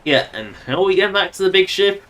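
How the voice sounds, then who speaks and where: A man's voice: high voice, animated, fast, a bit bright. A man streaming a video game, rambling and joking to himself in casual commentary.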